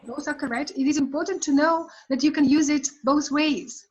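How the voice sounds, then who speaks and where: A woman's voice: sits high, brisk, few pauses, low-quality recording. A woman English teacher explaining grammar in an online lesson, often checking understanding with short questions.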